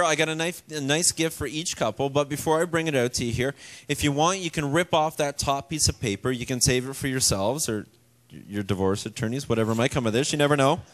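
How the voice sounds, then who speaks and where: A man's voice: on the high side, fairly bright tone. Teasing male cruise show emcee. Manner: joking, teasing showman. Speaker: cruise ship talent show host. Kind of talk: live stage emcee patter. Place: stage of a cruise ship show lounge.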